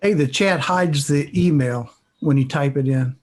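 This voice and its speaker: Male co-host, raised pitch, quick practical interjections in casual chat. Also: darkish tone.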